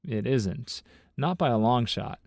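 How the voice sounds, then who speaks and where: A man narrating a compilation of internet stories and comments in a steady, even read-aloud manner. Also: mid-range voice, a little slow, creaky, no echo, clean studio sound. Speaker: narrator of online story compilations.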